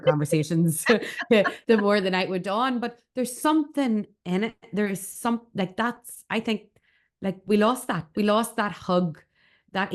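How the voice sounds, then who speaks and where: A woman hosting a podcast, agreeing warmly and chatting about family. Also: on the low side. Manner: enthusiastic, agreeing, chatty with fillers like "like". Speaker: podcast host. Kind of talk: casual interview chat.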